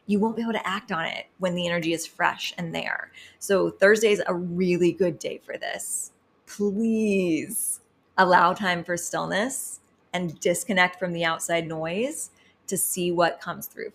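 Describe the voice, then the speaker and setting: A woman's voice: on the low side, gravelly, a bit bright. A woman hosting a weekly astrology and tarot forecast, talking in a chatty, enthusiastic, digressive way. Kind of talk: casual forecast talk.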